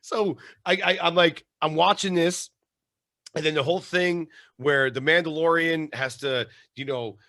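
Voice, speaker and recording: Male host, animated and chatty, bright tense voice, dry close sound. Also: on the high side, measured pace, no echo. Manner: animated, laughing fan talk. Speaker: podcast host. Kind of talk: casual interview chat.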